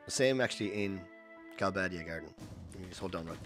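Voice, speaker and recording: Low-voiced man narrating his speedrun. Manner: chatty, explains each step while playing; chats with viewers between instructions. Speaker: speedrunner streaming to chat. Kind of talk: live gameplay commentary.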